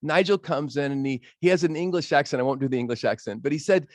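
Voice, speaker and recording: A man's voice: a little high, fast, few pauses, no echo. A man, a roofing business owner on a video-call panel, telling earnest, emotional stories about giving back. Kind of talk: casual panel chat.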